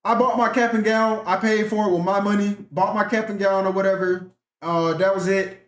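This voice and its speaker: A man's voice: sits high, steady tone, moderate pace. A young man telling a profane, rambling story in a casual rant vlog, talking animatedly and swearing often. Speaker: vlogger. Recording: echoey room.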